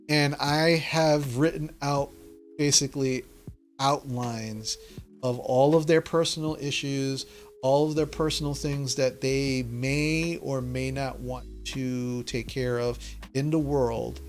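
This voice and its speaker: A man who runs a tabletop game, chatting casually and answering viewer questions with many fillers and restarts. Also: mid-range voice. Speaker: dungeon master.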